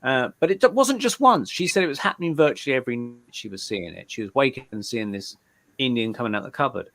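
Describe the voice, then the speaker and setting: A man appearing as a guest medium in a live interview tells stories casually and loosely, often repeating words as he starts a sentence. His medium-pitched voice is animated and fairly bright, and he talks at a quick pace.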